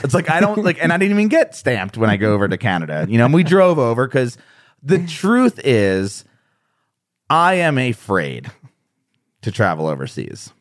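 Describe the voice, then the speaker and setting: An American man talks casually as a podcast guest, laughing often as he pokes fun at himself. His voice sits at an ordinary middle pitch. It is recorded close and dry, with no room sound. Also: very animated, moderate pace, no room sound. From United States. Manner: laughs often, self-deprecating storytelling. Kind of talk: casual conversation.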